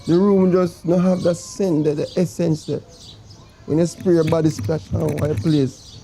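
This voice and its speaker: A man acting out a remorseful Jamaican boyfriend, begging in a dark, mellow voice that sits a little high. He stretches his words out dramatically. Faint outdoor noise hums behind him. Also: flat delivery. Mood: pleading. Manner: pleading, drawn-out, dramatic. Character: pleading remorseful boyfriend begging to come home. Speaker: actor in comedy sketch. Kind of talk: comedy sketch acting, phone call.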